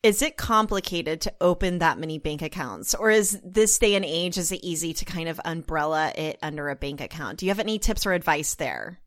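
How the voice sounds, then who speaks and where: A woman's voice: sits low, animated, brisk, few pauses, fairly bright tone, no room sound, studio quality. A woman hosting a podcast interview, asking questions in a friendly way. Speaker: podcast host.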